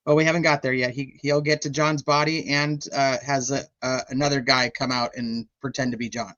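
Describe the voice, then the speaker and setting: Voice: mid-range voice, level tone, brisk, fairly bright tone. A co-host chatting casually on a livestream in a laid-back, matter-of-fact way. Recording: dull lo-fi audio.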